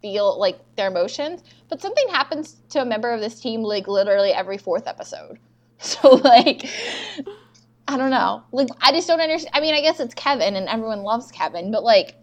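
A woman's voice: fairly high pitch, animated, fairly quick. A young woman co-hosting a podcast, casually recapping TV scenes and acting out the characters' lines. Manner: chatty, recounts scenes with quoted lines. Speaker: podcast co-host.

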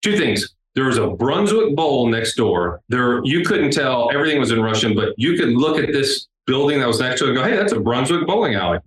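A man, a guest on an interview, telling a travel story in a casual, animated way. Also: medium pitch, brisk, few pauses. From United States. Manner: animated, acts out the people in his story. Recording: roomy with faint background noise.

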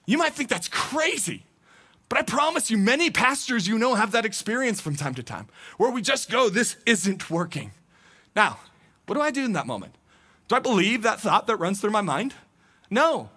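Young male pastor, high voice, chatty animated sermon delivery. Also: normal speed, breathy edge. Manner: conversational, animated, acts out quoted thoughts. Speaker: teaching pastor.

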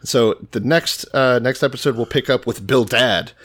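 A man co-hosting a podcast in casual chat, blunt and crude with a deadpan edge. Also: medium pitch, normal speed. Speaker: podcast co-host.

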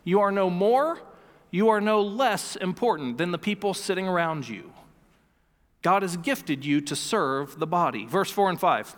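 A man's voice: high voice, fairly bright tone, big-room sound. A man in his thirties preaching a sermon as pastor, earnest and emphatic, often repeating key phrases. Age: 30s. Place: church sanctuary.

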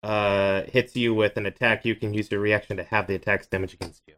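A man's voice: lowish voice, fairly even intonation, brisk, fairly bright tone. A man playing in a tabletop game, joking and teasing the others. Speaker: player. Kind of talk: casual tabletop chat.

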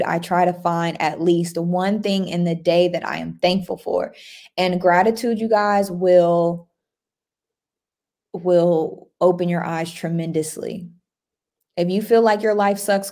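A woman with a fairly low, warm voice hosts a laid-back livestream. Chatty and upbeat, she reads out what viewers write and says hello to people by name.

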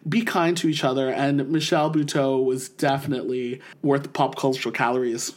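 A man co-hosting a podcast, chatting enthusiastically about a comedy special and jumping into animated voices when quoting jokes. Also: mid-range voice, a little fast. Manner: animated, quotes jokes in lively put-on voices. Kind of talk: casual enthusiastic chat. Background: married, talks of wife Emily.

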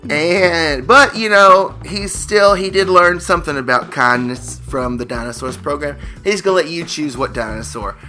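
A man co-hosting a comedy podcast, riffing on improvised scenarios with playful, drawn-out storytelling. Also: sharp tone, soft background music. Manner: playful, drawn-out storytelling with sudden jumps in pitch. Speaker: podcast co-host.

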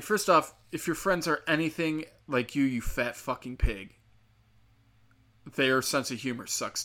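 A young man with a bright, forceful voice rants casually about the comedy scene. He talks bluntly and mockingly, swears constantly, and fills his sentences with "like" and "um." His pitch sits in an ordinary middle range. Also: animated, measured pace. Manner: profane, mocking, blunt, filler-heavy. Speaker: stand-up comic. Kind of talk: casual storytelling rant.

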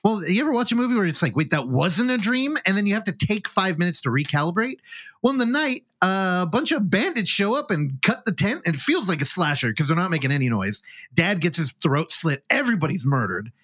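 A man's voice: high voice, sing-song, quick pace, bright, forceful tone, no room sound. A man hosting a film podcast, casually recapping a movie's plot with joking asides. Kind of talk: casual film review chat.

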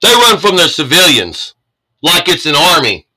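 A man's voice: fairly high pitch, very animated, moderate pace, sharp tone, low-quality recording. A man from the United States ranting angrily and sarcastically, swearing as he reacts to the news he reads. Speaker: commentator reading the news. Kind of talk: profane political rant.

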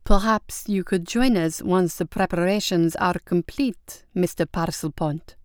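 A sly young countess who feigns innocence while needling her listeners, as a woman narrator plays her. She speaks slowly and sweetly in a low, smooth voice, close and dry. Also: no room sound, natural voice. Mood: innocent. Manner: slow, sweetly innocent, mock-polite.

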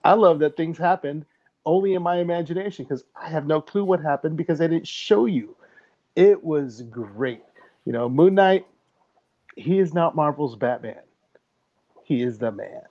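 Excitable man on muffled audio. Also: a little high, normal speed. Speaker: podcast co-host. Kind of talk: casual chat. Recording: dull lo-fi audio.

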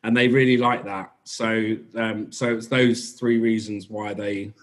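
A man's voice: lowish voice, level tone, a little slow. A man from England, a bakery owner being interviewed, talking casually in a rambling way with many fillers and restarts. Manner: rambling, filler-heavy, self-correcting.

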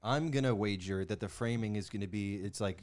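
A man's voice: on the low side, brisk, darkish tone. A man in casual banter, making dry, sardonic remarks.

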